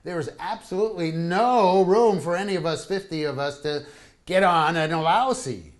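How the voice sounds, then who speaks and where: A man's voice: high voice, normal speed. A man reading his own travel stories aloud to a live audience, wry and full of comic asides. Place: small live performance venue.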